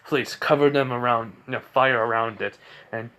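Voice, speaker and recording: A man voicing a former villain turned teacher, giving calm instructions in his own plain voice in a fan story. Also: medium pitch, normal speed, lightly acted. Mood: instructing.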